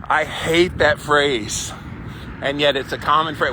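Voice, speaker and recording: A man with a slightly high voice, fairly even intonation, and a somewhat slow pace hosts a weekly walk-and-talk stream outdoors. Chatty and opinionated, he goes through viewer comments and draws out phrases for emphasis, with outdoor noise in the background.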